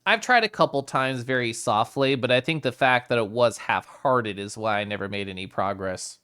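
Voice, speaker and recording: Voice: mid-range voice, normal speed, fairly bright tone, clear, resonant tone. A streamer chatting casually with live chat, playful, reading messages aloud and often rolling R's and making vocal sounds.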